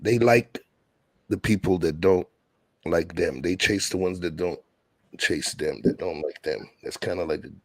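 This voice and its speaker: A man's voice: a little slow, a little mellow, no room sound. A man from Brooklyn, hosting a laid-back streamed chat and telling stories in street slang. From Brooklyn, New York. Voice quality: deep, gravelly and husky. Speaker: show host.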